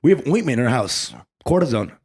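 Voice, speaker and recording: A man co-hosting a comedy podcast, telling animated, profane stories and laughing often. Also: mid-range voice, a little fast, husky. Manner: animated storyteller, laughs often, swears freely. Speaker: podcast co-host. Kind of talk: casual comedic chat.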